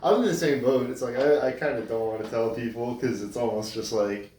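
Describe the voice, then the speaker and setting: A man's voice: medium pitch, brisk, mellow. A man co-hosting a podcast in casual chat, wry and joking. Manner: wry, joking, laughs often. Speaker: podcast co-host. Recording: roomy, distant mic, faint noise.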